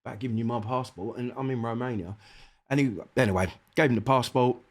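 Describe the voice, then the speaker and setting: A man's voice: mid-range voice, fast. South London man spinning a sweary story. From South London, England. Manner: lively anecdotes, swears freely, acts out dialogue. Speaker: MC, interview guest. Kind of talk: casual storytelling interview.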